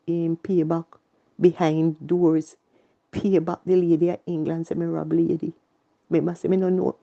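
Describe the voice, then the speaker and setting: Speaking in repetitive, heartfelt Patois, a Jamaican-accented woman recounts her own story as emotional testimony. Her voice is lowish, creaky, and dark, and the audio has its highs cut off.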